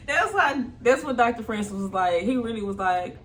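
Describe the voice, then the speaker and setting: A woman's voice: fairly high pitch, slow pace, pauses often, a little hiss or hum. A woman giving a casual, gossipy recap of a reality show, laughing often and acting out what people said. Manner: laughs often, gossipy and animated, acts out quotes.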